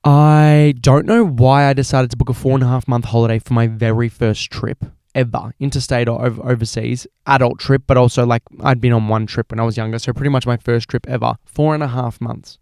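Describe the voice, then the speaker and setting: An Australian man in his twenties hosts a podcast, rambling casually through audience questions in an animated way full of filler phrases. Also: mid-range voice, a little fast, gravelly, hardly any pauses, clean tone, dry recording, clean studio sound. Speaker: podcast host. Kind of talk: casual solo chat answering questions.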